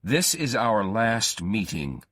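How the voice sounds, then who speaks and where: A frightened young man who keeps his answers short and tense, trying to stay calm, voiced by a male storyteller. The voice is low and husky. It is read slowly in a dry storybook narration. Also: no echo, heavily acted. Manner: clipped, tense refusals.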